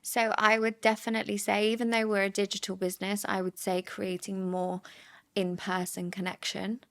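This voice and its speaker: Brief: young woman, earnest guest, slightly gravelly voice, relaxed chat. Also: medium pitch, normal speed. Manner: earnest, many restarts and fillers. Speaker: podcast guest, wellness entrepreneur. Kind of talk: casual chat.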